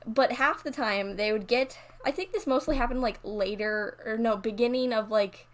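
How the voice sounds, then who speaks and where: Casting: teen girl YouTuber, slightly high voice, loose rambling storytime delivery. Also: moderate pace. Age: teens. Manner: rambling, full of "like" and restarts. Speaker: YouTuber narrating over a speed build. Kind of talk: casual storytime chat.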